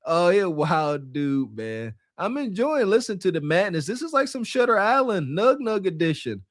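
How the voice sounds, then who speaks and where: A man's voice: sits high, big pitch swings, normal speed, dry recording, clean studio sound. A man co-hosting a podcast, reacting to a clip with mocking, slangy commentary. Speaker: podcast co-host.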